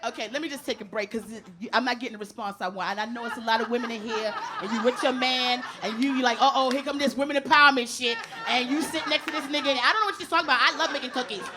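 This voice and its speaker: A woman comedian doing a brash, profane, animated stand-up routine on a club stage into a handheld mic. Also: on the high side, rapid-fire, hardly any pauses. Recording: live club recording with crowd laughter and noise.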